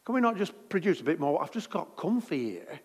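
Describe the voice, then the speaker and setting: A man's voice: fairly high pitch, big pitch swings, fairly quick, husky, in a large hall. A man voicing a chatty, complaining male prophet in a comic way, moaning and rambling. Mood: grumbling.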